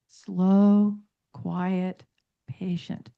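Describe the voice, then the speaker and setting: A woman's voice: medium pitch, normal speed. Emphatic middle-aged woman on dull radio. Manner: emphatic, animated storytelling with long lists. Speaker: author and radio guest. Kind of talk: radio talk show discussion.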